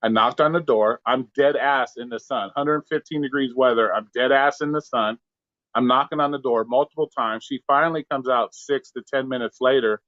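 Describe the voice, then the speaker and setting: A man rants about his delivery shifts in loose, casual talk, swearing and acting out each argument line by line. His voice sits at a middle pitch. The audio is dull and lo-fi, with a dry, close sound. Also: normal speed, a bit bright, no echo. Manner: profane, heated, acts out quotes. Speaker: pizza delivery driver guest. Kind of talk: casual storytelling rant.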